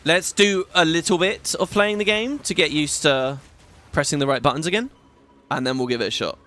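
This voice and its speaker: Slightly high and fairly bright, this British man in his thirties talks at a moderate pace as he plays a video game for his YouTube channel. His commentary is casual and rambling, peppered with swearing and frequent restarts.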